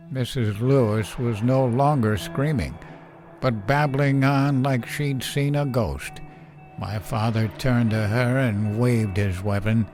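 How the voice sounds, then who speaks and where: A man reading a scripted horror story aloud in a slow, grave storytelling manner. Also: on the low side, darkish tone. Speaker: narrator.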